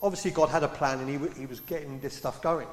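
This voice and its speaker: A man's voice: a little high, steady tone, fast talker. A man preaching a sermon in a conversational way, putting questions to his congregation. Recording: echoey hall.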